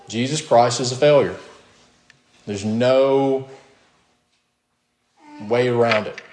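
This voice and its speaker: A man preaching with emphatic, insistent delivery, and his voice jumps high whenever he asks a question. His pitch sits in the middle for a man. The sound carries a clear echo, as if he were recorded in a reverberant room. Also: a little mellow. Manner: emphatic, rising to high questions, with short laughs. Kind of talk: sermon.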